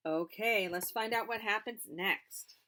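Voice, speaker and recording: A woman reading a picture book aloud to children, animated, pausing to explain words and ask questions. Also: medium pitch. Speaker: storybook reader for children.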